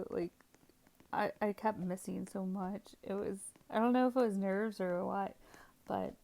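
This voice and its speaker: A woman hosting a gaming channel, recapping her gameplay in a casual, rambling voice-over full of fillers and frequent giggles. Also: mid-range voice.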